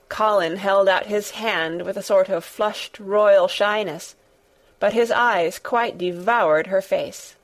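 A woman narrating a classic storybook in a measured, gentle way. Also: medium pitch. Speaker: audiobook narrator. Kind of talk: scripted narration.

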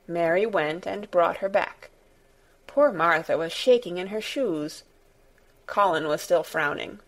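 A woman narrating an audiobook in a measured storytelling manner. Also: on the low side. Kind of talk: scripted narration.

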